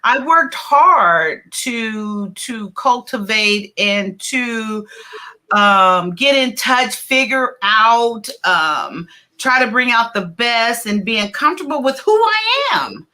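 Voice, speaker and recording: A woman hosting a casual talk show, loud and expressive, laughing often as she chats. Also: fairly high pitch, takes it slowly. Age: adult. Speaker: podcast host. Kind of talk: casual chat.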